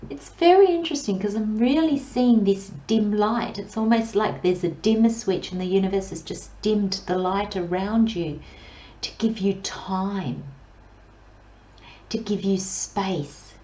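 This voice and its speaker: A woman gives a pick-a-card tarot reading, her mellow voice unhurried and soothing, with long pauses and soft near-whispers. The recording sounds slightly dull and lo-fi. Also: medium pitch, reverberant. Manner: slow, gentle, soothing delivery with drawn-out pauses. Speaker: tarot reader.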